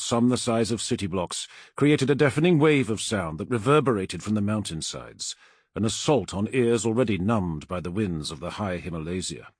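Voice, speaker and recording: Husky man narrating an audiobook. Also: on the low side, no room sound, studio quality. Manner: dramatic, expressive reading.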